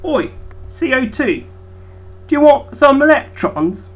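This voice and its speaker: A woman voicing a cheeky cartoonish molecule in a deliberately bad mock Cockney accent. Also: high voice, sing-song, faint music behind, pitched above the performer's own voice, full character voice.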